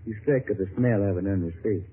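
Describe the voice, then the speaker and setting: A man's voice: low-pitched, quick pace, a little hiss or hum, lightly acted. An actor playing a folksy, wheedling middleman in a 1950s radio drama. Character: smooth-talking Southern middleman, called Dixie. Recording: tinny lo-fi old radio broadcast.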